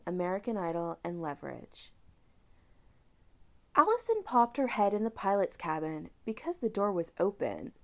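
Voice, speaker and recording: A woman narrating a fanfiction story aloud, with lively storytelling and character voices. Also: medium pitch, creaky. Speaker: fanfiction reader. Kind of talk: audiobook narration.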